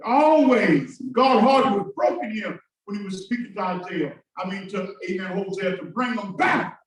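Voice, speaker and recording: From a distance in a heavily echoing church, a male pastor's voice sits high as he preaches at a moderate pace. He works the congregation with call-and-response, erupting in shouts and then dropping suddenly.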